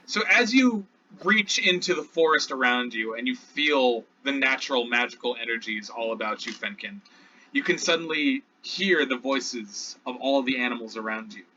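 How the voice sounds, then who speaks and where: A man narrating as game master in a tabletop game, slow and animated. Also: mid-range voice, a little hiss or hum. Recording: dull lo-fi audio.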